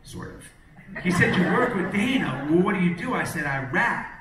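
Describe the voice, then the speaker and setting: A man giving a storytelling keynote, animated and acting out other people's lines, in a large hall before an audience. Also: sits high, moderate pace. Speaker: motivational speaker. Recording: echoey hall, distant mic, faint noise.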